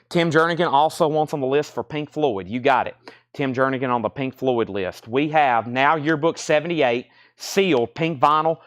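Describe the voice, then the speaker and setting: A man's voice: mid-range voice, fairly bright tone. Chatty man hosting a live record auction. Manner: chatty, repeats lot details and prices. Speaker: host of a live record sale. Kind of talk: casual live auction patter. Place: record shop.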